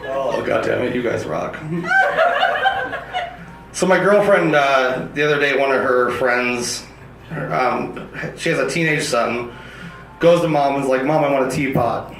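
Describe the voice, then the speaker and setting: A man's voice: medium pitch, a little slow, long pauses, background noise. A man performing a crude, self-deprecating stand-up set on a club stage into a handheld mic. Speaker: stand-up comedian. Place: comedy club stage before a live audience. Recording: echoey club with audience laughter.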